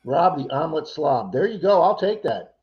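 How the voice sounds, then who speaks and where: A man's voice: on the high side, big pitch swings, moderate pace, lo-fi sound. A man co-hosting a casual livestream, chatty and teasing as he reads out viewer names. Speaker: livestream co-host.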